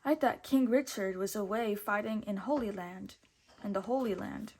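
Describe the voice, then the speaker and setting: A woman's voice: medium pitch, normal speed, darkish tone, breathy edge, poor audio. A jolly, loyal male sidekick talks in a cheerful way, as a woman puts him on while reading a storybook. He sounds good-natured and easygoing. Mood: puzzled.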